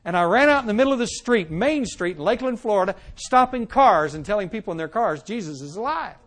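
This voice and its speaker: A high-voiced man gives his testimony from the pulpit. His storytelling is animated, rising loud and dropping to a hush, and he acts out every line he quotes. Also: fast talker. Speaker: preacher giving his testimony. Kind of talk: sermon testimony.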